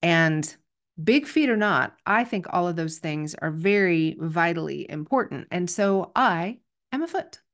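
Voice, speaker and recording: A woman's voice: lowish voice, expressive, unhurried. A middle-aged woman hosting a podcast, telling a story in an earnest, chatty and self-deprecating way. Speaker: podcast host. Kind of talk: casual solo podcast storytelling.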